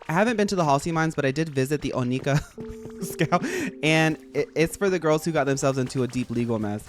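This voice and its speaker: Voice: mid-range voice, fast talker, faint music behind. A streamer chatting casually while playing a game, rambling and full of filler words. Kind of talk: casual gameplay chat.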